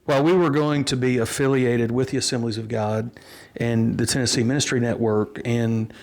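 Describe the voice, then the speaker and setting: A middle-aged man, a pastor telling the story of his church in an unhurried, earnest way. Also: mid-range voice, steady tone, vocal fry, darkish tone. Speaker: pastor and interview guest. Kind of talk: storytelling in a casual interview.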